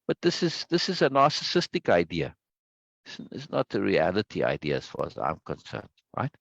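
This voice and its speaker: Speaking as a self-development teacher, a man gives his listeners an earnest, emphatic, reflective talk, repeating key phrases. His lowish, creaky voice has a fairly bright tone, swoops wildly in pitch, and moves at a moderate pace. The dull lo-fi recording is dry with no echo.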